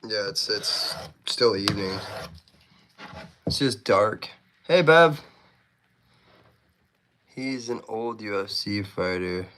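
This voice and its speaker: Canadian man, low voice, easygoing livestream host chatting with viewers over faint workshop rasping. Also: slow pace, bright, forceful tone, slight background noise. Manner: chatty, reads viewer comments aloud while working. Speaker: knife-sharpening livestreamer. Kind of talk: casual livestream chat.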